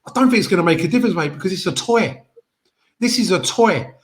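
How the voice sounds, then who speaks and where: A man's voice: high-pitched, animated, quick pace. A man, co-hosting a casual football chat show and arguing his points emphatically, often repeating himself. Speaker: podcast co-host.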